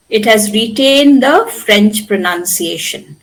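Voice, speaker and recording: A woman with an Indian English accent teaching a spoken English lesson, patiently repeating words slowly for her students. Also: on the high side, animated, low-quality recording. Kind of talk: classroom pronunciation lesson.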